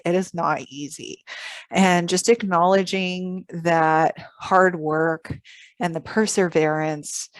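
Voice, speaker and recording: A woman's voice: deep voice, no room sound. A woman talking casually to camera about self-care, earnest and reflective, with frequent fillers. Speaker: vlogger on emotional self-care. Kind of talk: casual advice monologue to camera.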